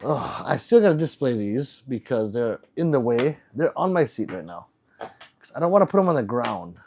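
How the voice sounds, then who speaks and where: A man's voice: medium pitch, very animated, moderate pace, creaky, a little mellow, slight background noise. A man livestreaming, reading out chat messages and teasing viewers in a loose, rambling, joking way.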